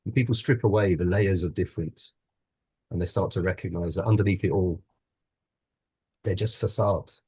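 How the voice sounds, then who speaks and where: A deep, mellow, husky male voice, fairly quick, tells a personal story as a panel guest. He's a wellbeing coach who grew up in Scotland, earnest and reflective, restarting sentences and laughing along the way.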